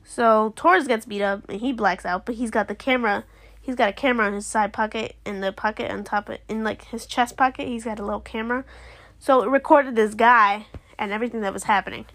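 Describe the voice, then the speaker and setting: A young woman with a high, bright-sounding voice talks through a show episode in a loose, chatty way. She gets heated and indignant, swinging between muttered asides and loud outbursts. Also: a little fast. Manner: animated, indignant, acts out characters in quotes. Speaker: show reviewer. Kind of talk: casual recap chat.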